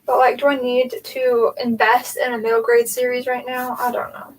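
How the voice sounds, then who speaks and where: A woman's voice: on the high side, completely flat delivery, normal speed. A young woman hosting a casual livestream at home, thinking aloud as she sorts her shelves, rambling with lots of "like" and "um". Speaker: booktube host. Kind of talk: casual livestream chat while reorganizing shelves. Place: room at home with bookshelves. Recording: distant mic with faint background noise.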